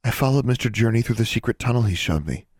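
A man voicing a gentle, worried young witch who cares for her friend. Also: mid-range voice, animated, fast, slightly rough, dry recording, studio quality, pitched above the performer's own voice.

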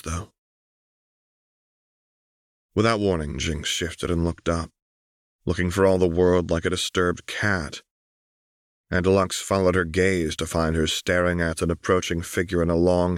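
A man narrating a story in a steady, even way. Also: low-pitched, no room sound, clean studio sound. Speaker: audiobook narrator.

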